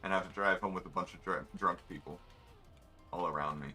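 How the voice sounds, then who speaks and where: A man's voice: sits low, steady tone, fairly quick, bright, forceful tone, faint music behind. A man, rambling in wry, offhand asides while commenting on his racing game. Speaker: gamer streaming a race. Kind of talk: casual gameplay commentary.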